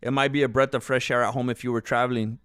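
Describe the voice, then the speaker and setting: Speaking quickly in a level, mid-range voice that's a bit bright and clean, this channel host rambles through a casual livestream chat. He's self-deprecating, heavy on fillers and restarts, and hiccups and burps throughout, in echo-free studio audio.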